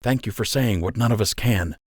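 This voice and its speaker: A man's voice: fairly low pitch, a little fast, dry recording, clean studio sound. A man voicing a loyal young male rabbit soldier, eager and respectful.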